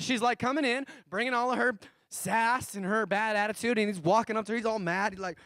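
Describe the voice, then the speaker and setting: Pastor guy preaching, high-ish voice, dry close sound, gets loud then drops soft, drags out the key words. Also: dry recording. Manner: animated storytelling, swings between soft asides and loud emphatic bursts; repeats key phrases slowly for emphasis. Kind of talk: sermon.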